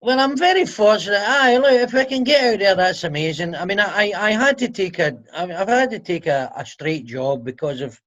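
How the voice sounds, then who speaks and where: A man's voice: sits high, expressive, brisk, hardly any pauses, fairly bright tone. A Scottish man with a Glaswegian accent, a comedian talking casually and sarcastically on a video call, swearing freely. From Scotland. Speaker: comedian guest. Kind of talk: casual interview chat.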